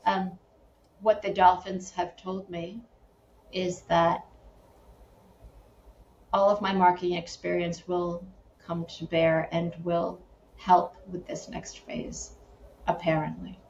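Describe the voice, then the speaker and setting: A middle-aged woman from Connecticut, a podcast guest, telling stories in a lively, animated way, acting out quoted voices and laughing often. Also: lowish voice, slow, long pauses. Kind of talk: casual interview storytelling. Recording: roomy, slightly dull sound, faint background hum.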